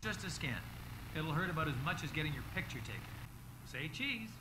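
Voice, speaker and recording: A calm scientist from a video game, as a man voices him, reassuring a patient with light jokes. His voice sits on the high side and rings in a roomy space. Loud ambient noise sits under the game audio. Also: fairly quick, natural voice. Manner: calm, mildly joking bedside manner. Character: calm male scientist running a brain scan.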